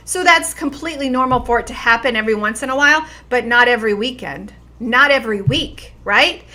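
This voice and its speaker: A woman's voice: high-pitched, sharp tone. A middle-aged woman health coach giving an earnest, emphatic motivational talk to her viewers. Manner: earnest and emphatic, with repeated phrases.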